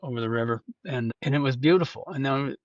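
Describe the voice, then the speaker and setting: A man's voice: medium pitch, fast, no echo, dull audio. A man from Canada, a musician guest telling a long anecdote in casual chat, acting out the voices of the people in it. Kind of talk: casual storytelling.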